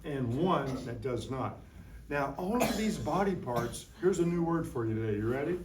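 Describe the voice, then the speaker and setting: A man teaching a lively science lesson to young children in a classroom, playful and full of call-and-response. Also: mid-range voice, normal speed, noisy background. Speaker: science educator visiting a class. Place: school classroom. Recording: roomy room from a distant mic.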